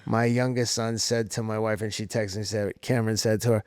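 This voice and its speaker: A man's voice: fairly low pitch, brisk, hardly any pauses, smooth, dry recording, studio quality. A middle-aged man from Somerville, Massachusetts, hosting a casual chat and telling stories with acted-out voices. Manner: animated storytelling, acts out quoted voices. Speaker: podcast host.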